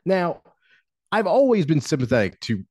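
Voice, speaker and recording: A man's voice: a little high, sing-song, moderate pace, mellow, dry recording, studio quality. A man co-hosting a political podcast who tells stories in a rambling way, full of fillers. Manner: rambling, many "you know" fillers. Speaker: podcast co-host. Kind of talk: casual podcast storytelling.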